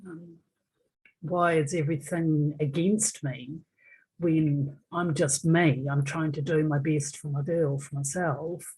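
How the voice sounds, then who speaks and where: A woman's voice: low-pitched, steady tone, slow, a little mellow, breathy edge, rough recording. A woman taking part in a workshop, describing her troubles in a frustrated, hesitant way and trailing off. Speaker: workshop participant. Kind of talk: sharing a problem in a group.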